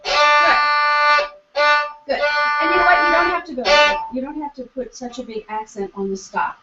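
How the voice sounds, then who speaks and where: Woman violin teacher, kinda high voice, patient, roomy lo-fi call with violin playing behind. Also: animated, moderate pace, over loud music. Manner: patient, encouraging, sings bowing syllables. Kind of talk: online teaching demonstration.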